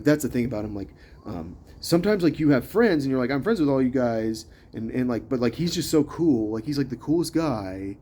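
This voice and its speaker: A young man rambles through a personal story in a mellow, dark-toned voice, stumbling over restarts and fillers. He gets louder and climbs in pitch when he gets worked up. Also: breathy edge. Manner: hesitant, full of likes and ums, restarts; grows louder and higher when agitated.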